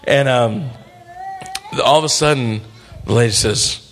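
A man's voice: mid-range voice, measured pace. A man preaching a sermon in a conversational way, calling on the congregation for responses and acting out the voices in his stories. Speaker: pastor.

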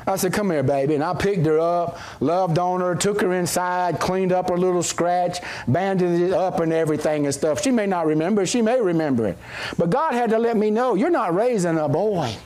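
A man's voice: sits high, normal speed, a little mellow. A middle-aged male pastor, preaching a folksy, joking sermon with scripture reading and prayer. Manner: folksy, joking, calls out amen to the congregation.

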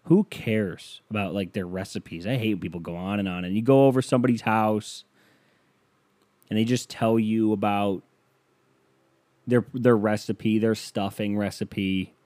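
A man's voice: lowish voice, steady tone, unhurried, darkish tone, dry recording. A man hosting a podcast, delivering a sarcastic, ranting comedic monologue and acting out the people he quotes. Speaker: podcast host.

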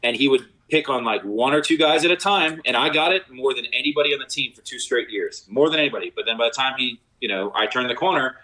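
A young man who used to be a college baseball catcher tells stories in a casual chat, speaking fast with hardly any pauses over a rough recording. He's an animated storyteller, acting out quotes with big jumps in pitch.

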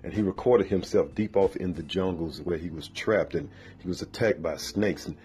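A man's voice: sits low, normal speed, darkish tone, a little hiss or hum. A man hosting a casual podcast, talking with enthusiasm and stumbling over restarts. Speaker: podcast host. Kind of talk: casual promotional podcast talk. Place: Birmingham, Alabama.

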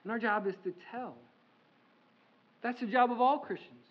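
A male pastor delivers a sermon in a high voice, driving points home through repetition. The recording is slightly muffled. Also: moderate pace, slightly rough. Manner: emphatic, repetitive preaching. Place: church sanctuary.

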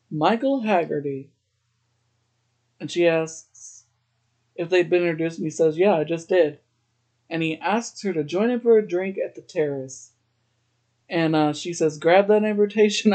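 A man's voice: a little high, a little mellow. A man hosting a podcast, casually recapping a TV episode, chatty, often laughing and using "like" a lot. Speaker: podcast host.

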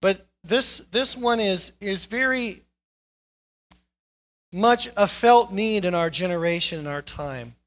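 High-voiced pastor preaching conversationally. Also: male voice, fairly bright tone. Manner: conversational preaching, rising emphasis on key points. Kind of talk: sermon. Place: church sanctuary.

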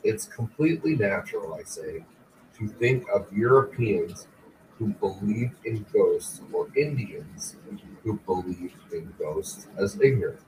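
A man, the host of a podcast, reading a book aloud slowly and deliberately. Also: fairly low pitch. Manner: slow, deliberate, even reading. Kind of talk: audiobook-style reading. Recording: distant mic with faint background noise.

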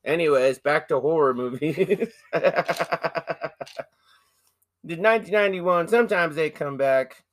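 A man's voice: a little high, measured pace, long pauses. Male podcast host, loose and jokey, ribbing his co-host. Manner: joking, playful banter with slang. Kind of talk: casual horror podcast chat.

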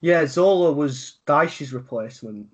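A man's voice: fairly high pitch, animated, a little slow, dull audio. A man with a Yorkshire accent co-hosting a casual football podcast, rambling with lots of fillers and free swearing. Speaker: podcast co-host.

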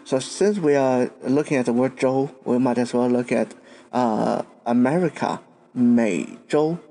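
Slow-paced man teaching words. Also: mid-range voice, mellow. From Taiwan. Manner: spells words letter by letter, patient. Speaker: podcast host. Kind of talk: language lesson.

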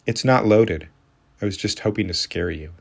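A desperate, frightened man in his thirties pleads in a shaken voice, as an audiobook narrator reads his lines. The voice sits low. The delivery is the reader's plain tone, only lightly colored. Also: normal speed, creaky, slightly rough. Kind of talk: audiobook character reading.

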